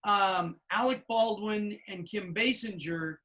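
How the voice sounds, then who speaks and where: A man in his fifties, a podcast co-host, telling anecdotes in a casual, animated way with plenty of fillers. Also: sits high, slow. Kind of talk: casual storytelling chat.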